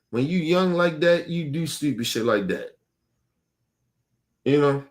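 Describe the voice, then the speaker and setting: An older man, a podcast host, telling a rambling, profane story in casual chat, getting animated when he quotes himself. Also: fairly high pitch.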